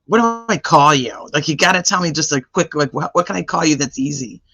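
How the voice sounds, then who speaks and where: A man hosting a true-crime livestream and chatting casually with viewers as he greets them by name. His voice is roughened by a cold. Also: on the high side, brisk. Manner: chatty and animated, rattling off greetings. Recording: dry, slightly dull lo-fi sound.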